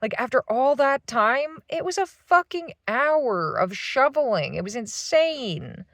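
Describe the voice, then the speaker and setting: A woman's voice: sits high, sing-song, a little slow, fairly bright tone, no echo. A woman in her thirties venting in a rambling, swearing monologue from a parked van. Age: 30s. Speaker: vlogger.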